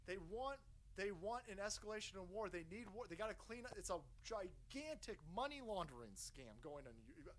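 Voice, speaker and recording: A man's voice: high-pitched, sing-song, a little fast, rough recording. A man in his thirties streaming a profane political rant, mocking and sarcastic, swearing constantly. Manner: puts on voices to mock people.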